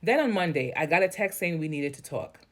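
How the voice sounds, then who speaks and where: A woman's voice: low-pitched, expressive, fairly quick. A woman reading an online post aloud and breaking off into blunt, candid commentary, swearing freely. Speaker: story reader and commentator.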